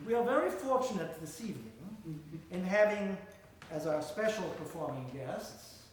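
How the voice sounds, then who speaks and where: Man presenter, fairly high voice, dry deadpan wit, live comic lecture, distant mic in an echoey room. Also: moderate pace, a little hiss or hum. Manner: dry, wry, deadpan asides. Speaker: host of a music comedy lecture. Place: concert room with a live audience. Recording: echoey room recorded from afar.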